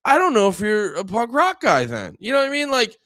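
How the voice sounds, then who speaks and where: A man's voice: high-pitched, wildly swooping pitch, fairly quick, a bit bright, dry recording. A man hosting a podcast, ranting casually with lots of swearing and filler words. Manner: rambling, swears a lot, many fillers. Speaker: podcast host. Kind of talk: casual profane podcast rant.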